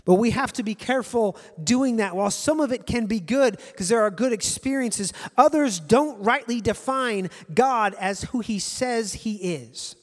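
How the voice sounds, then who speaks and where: Guy pastor preaching, high voice, repeats lines for emphasis, long echo in a church hall. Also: moderate pace, few pauses. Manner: earnest, repeats key phrases for emphasis. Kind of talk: sermon.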